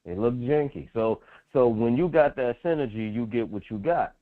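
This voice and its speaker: Loud animated man on a tinny line. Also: mid-range voice, moderate pace. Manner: loud, emphatic, repeats phrases. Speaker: sports show co-host. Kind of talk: animated sports talk. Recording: tinny phone-like audio.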